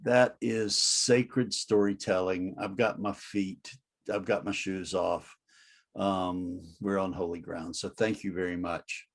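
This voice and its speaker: Slow husky-voiced male host. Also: deep voice, fairly even intonation. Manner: slow, soft affirmations. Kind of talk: conversational interview.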